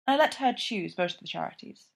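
A woman voicing a bold, flirtatious high-society lady detective, playful and teasing in her delivery. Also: expressive, fairly quick, creaky.

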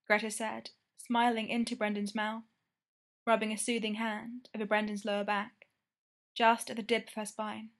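A woman narrating a romance story with steady, intimate storytelling. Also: on the high side, normal speed.

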